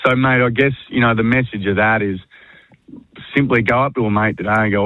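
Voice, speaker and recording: An Australian man speaks in a low voice over a tinny phone line. He is casual and blokey, tossing "mate" into almost every line, but earnest underneath. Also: fairly even intonation, brisk, no room sound. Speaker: workshop facilitator and guest. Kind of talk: casual radio interview.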